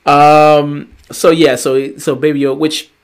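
A man co-hosting a casual review podcast, rambling and excitable, swearing casually. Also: fairly high pitch, measured pace, smooth. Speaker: podcast co-host.

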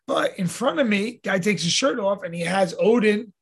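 A man with a notably high and husky voice tells stories in a loose, conversational way. He talks earnestly, drops the occasional swear word and sounds relaxed as a podcast guest. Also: normal speed. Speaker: podcast guest, fitness coach. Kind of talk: casual conversational storytelling.

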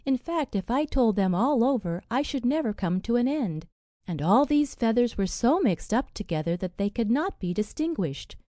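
A woman narrating a fairy tale audiobook in a measured, expressive way. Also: on the high side, dry recording, clean studio sound.

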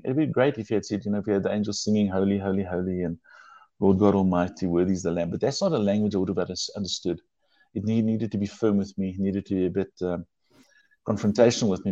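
A man tells his life story in a low, dark voice, earnest and emotional, often stumbling and restarting mid-sentence. The recording is dry and slightly dull. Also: dry recording. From South Africa. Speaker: guest telling his testimony. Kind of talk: personal testimony in conversation.

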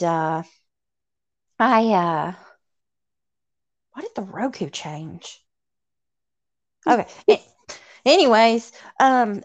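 A woman in her thirties from Tennessee with a Southern accent, chatting casually as a podcast co-host in a rambling, self-deprecating way with some swearing. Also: a little high. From Tennessee, USA. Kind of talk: casual chat. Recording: dull lo-fi sound.

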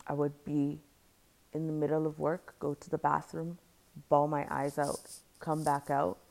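A young woman speaking softly and reflectively as she tells a personal story on a podcast. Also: low-pitched, completely flat delivery, unhurried, creaky. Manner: soft-spoken and reflective, often quiet.

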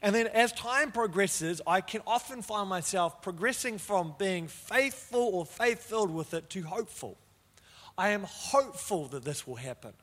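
A man's voice: high-pitched, fairly bright tone. A man preaching a sermon as pastor, telling stories with humorous, self-deprecating asides. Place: church. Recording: long reverb of a church hall.

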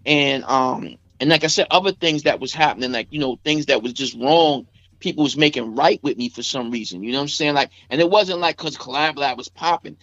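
A man's voice: mid-range voice, fairly quick, fairly bright tone, dry recording. A man, a rapper guest telling a story in a loose, rambling way, full of fillers. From Staten Island, New York. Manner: rambling, heavy with fillers like "you know what I'm saying". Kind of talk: casual emotional storytelling. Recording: dull, dry podcast audio.

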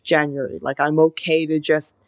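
Young woman podcast co-host, lowish voice, dry close sound, earnest and reflective. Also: flat delivery, normal speed, no echo. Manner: reflective and earnest, heavy use of "like". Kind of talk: casual chat.

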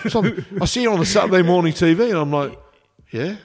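Here a fast-talking English chef with a slightly high voice barely pauses as he chats. The conversation is casual, full of rambling anecdotes delivered with lively, animated storytelling.

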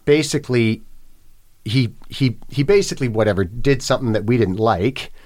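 A man's voice: mid-range voice, normal speed, darkish tone. A man in his fifties telling a long story as a podcast guest, swearing freely and restarting often. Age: 50s. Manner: swearing, rambling, with many fillers and restarts. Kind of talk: casual storytelling.

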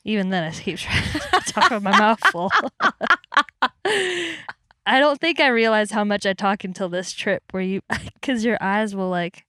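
Bright goofy woman in her thirties. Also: medium pitch, animated, unhurried, dry recording, studio quality. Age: 30s. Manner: goofy, joking, laughs a lot. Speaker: podcast guest. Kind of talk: casual chat.

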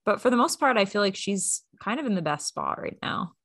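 Casting note: upbeat woman podcast host, mid-pitched, close dry mic, casual recap chatter. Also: big pitch swings, fairly quick, a bit bright, no echo. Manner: chatty, upbeat, lots of fillers.

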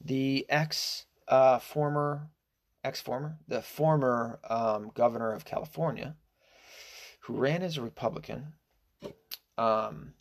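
A man's voice: medium pitch, slow, gravelly. A man giving a casual, indignant opinion monologue, rambling and hesitant with many fillers, restarts and swearing. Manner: profane and indignant. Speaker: political commentator.

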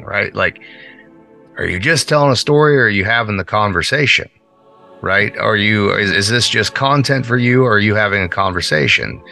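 A man's voice: lowish voice, vocal fry, bright, forceful tone. A man hosting a casual podcast chat in a small bedroom studio, talking emphatically and thinking aloud. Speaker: podcast host.

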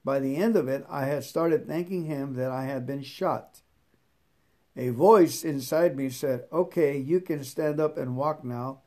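Slow, deliberate man reading devotions. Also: medium pitch, dark tone. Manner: slow, deliberate reading that repeats scripture verses; halting and stammering in his own comments. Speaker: truck driver reading a devotional book aloud. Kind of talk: devotional reading with personal comments.

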